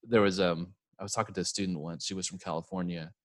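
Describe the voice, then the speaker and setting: A man with a low, deep voice co-hosts a relaxed chat. He agrees readily and drifts into side stories. The recording is dry and close. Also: fast talker, dry recording. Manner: agreeable, frequent "yeah", digressive anecdotes. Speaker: podcast co-host. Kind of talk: casual chat.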